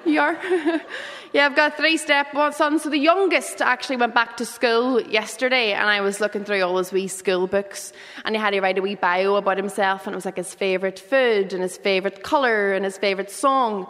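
Northern Irish comedienne, punchy set in a reverberant venue. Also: female voice, medium pitch, normal speed. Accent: Northern Irish (Derry). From Northern Ireland. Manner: lively, punchy joke delivery. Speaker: comedian guest.

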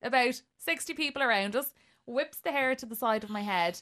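Bright, lively Irish woman storyteller. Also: high voice, fairly quick. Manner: animated, laughing storyteller. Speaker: podcast co-host. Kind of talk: casual storytelling chat.

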